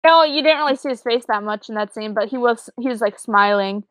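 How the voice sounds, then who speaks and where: A young woman co-hosting a podcast, chatting casually about an anime with relaxed slang. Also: on the high side, a little fast, dry recording, low-quality recording. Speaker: podcast co-host.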